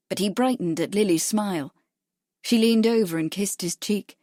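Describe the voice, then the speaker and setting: A woman narrating a cozy mystery audiobook in a measured, even storytelling voice. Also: medium pitch, no room sound, clean studio sound. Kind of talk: scripted narration.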